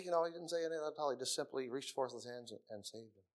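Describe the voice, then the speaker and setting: A middle-aged man preaching a sermon in a meeting room, earnest, dropping to soft murmurs and rising again for emphasis. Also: mid-range voice, rapid-fire, hardly any pauses.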